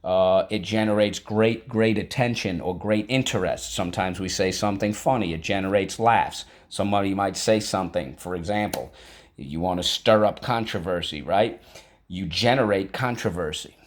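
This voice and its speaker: A man teaching a vocabulary and spelling lesson, breaking words into syllables slowly and talking casually with frequent check-ins. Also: sits low. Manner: slow, deliberate syllable-by-syllable teaching; conversational, with frequent fillers like "all right".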